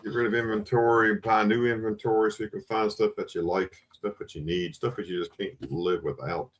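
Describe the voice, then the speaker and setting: A man's voice: fairly low pitch, steady tone, brisk. A man hosting a casual live-stream coin sale, greeting viewers by name over and over in a chatty way. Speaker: livestream host selling coins.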